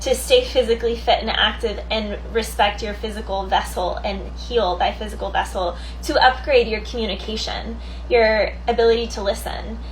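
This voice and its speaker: Brief: woman tarot reader, fairly high voice, chatty and loose, thinks out loud, faint hiss underneath. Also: steady tone, moderate pace, low-quality recording. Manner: chatty, thinks aloud, laughs easily. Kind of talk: casual tarot card reading.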